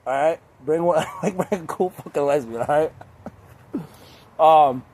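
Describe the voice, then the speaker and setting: A young man talking casually to camera in a crude, rambling way, laughing often and mimicking others in high voices. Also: unhurried, a little mellow, slight background noise. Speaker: vlogger.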